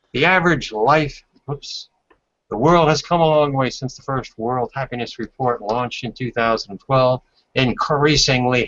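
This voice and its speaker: A man's voice: medium pitch, fairly bright tone. A man hosting a casual video call, reading aloud from a report and adding asides. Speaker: host. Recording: dull lo-fi video call audio.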